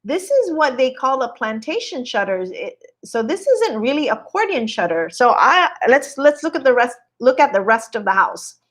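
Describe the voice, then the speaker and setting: A woman's voice: on the high side, sing-song, normal speed, few pauses, a bit bright. A woman host on a casual live stream, walking viewers through a home listing in a chatty, admiring way and greeting viewers as she goes. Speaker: real estate agent hosting a live stream.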